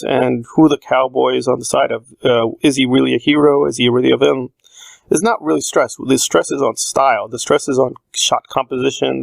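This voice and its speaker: A man's voice: mid-range voice, gravelly, dry recording. A man talking through a casual spoken film essay, thinking aloud with frequent fillers and restarts. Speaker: video essayist.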